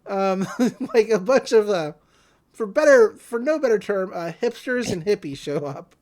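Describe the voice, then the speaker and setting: Woman podcast co-host, casual recapper, lively and sing-song. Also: mid-range voice, unhurried. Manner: animated retelling with many fillers.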